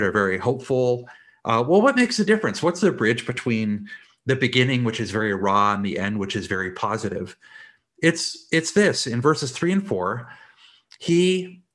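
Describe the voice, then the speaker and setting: A man's voice: mid-range voice, fairly bright tone. A man preaching a sermon in an earnest way, explaining scripture with everyday examples. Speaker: pastor.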